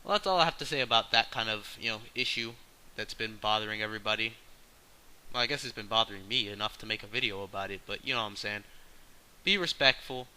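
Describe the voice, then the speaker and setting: This man, a vlogger, speaks fast with a clean tone, though the recording itself is rough. Addressing his camera casually, he rants his opinions bluntly in slang-heavy, profane language, loud and excited at first and later calmer and lower.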